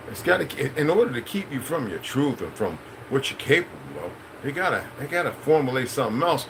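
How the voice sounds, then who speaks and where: A man's voice: medium pitch, fairly bright tone, slight background noise, poor audio. A middle-aged man, a channel host, in a rambling, profane, preachy unscripted monologue.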